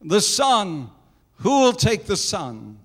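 A man's voice: high voice, huge pitch swings, takes it slowly, husky, big-room sound, heavily acted. A man voicing a persistent male auctioneer, insistently calling for bids.

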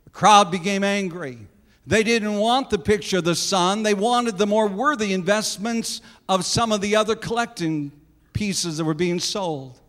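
Male preacher, earnest storytelling sermon, high pitch, long reverberant hall. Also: normal speed, fairly bright tone.

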